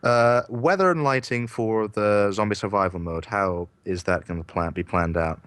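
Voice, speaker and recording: Man, low pitch, dry recording, laid-back joking chat. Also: moderate pace, a bit bright, clean tone, no echo. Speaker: game developer, podcast co-host. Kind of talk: casual podcast chat.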